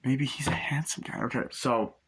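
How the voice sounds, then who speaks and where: A man talking through a film in a loose, rambling way, losing his thread and coming back to it. His voice is bright and forceful at an ordinary pitch, and he swears freely as he goes. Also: steady tone, normal speed, husky. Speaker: movie reviewer. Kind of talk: casual rambling movie review.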